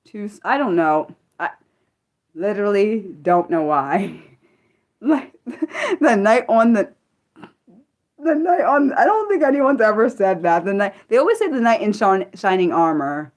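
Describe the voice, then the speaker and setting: A woman's voice: medium pitch, lively intonation, moderate pace. Chatty, apologetic woman streamer. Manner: chatty, apologetic, laughs often; talks straight to chat viewers by name. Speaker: livestream host. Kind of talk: casual livestream chat.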